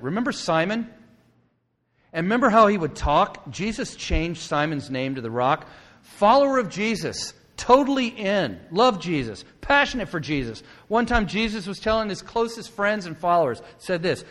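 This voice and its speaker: Animated preaching man in a reverberant hall. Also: on the high side, normal speed. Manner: animated preaching, acting out quotes in voices. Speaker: pastor. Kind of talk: sermon.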